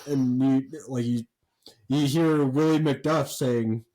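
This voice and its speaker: A man co-hosting a podcast, telling a story in a rambling, animated way with lots of fillers and swearing. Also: mid-range voice, slow pace, poor audio. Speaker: podcast co-host. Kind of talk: casual chat.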